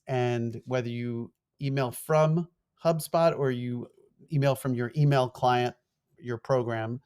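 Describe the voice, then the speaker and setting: A middle-aged man with a New York accent, a former TV producer lecturing fast in an online course and acting out quoted emails. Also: mid-range voice, clear, resonant tone. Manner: fast-talking, animated, acts out quoted emails.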